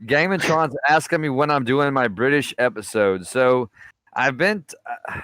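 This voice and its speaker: A man's voice: mid-range voice, moderate pace, a bit bright, clean tone, no echo. A man in his forties, a gaming YouTuber, chatting casually on a live stream in an easygoing way. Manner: easygoing, says "man" often.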